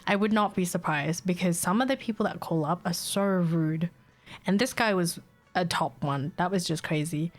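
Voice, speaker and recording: A young woman streamer chatting casually and telling a story, blunt and sweary, quick to mimic the people she talks about. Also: lowish voice, faint music behind. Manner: mimics callers and herself in quoted bits. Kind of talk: casual chat, venting a story.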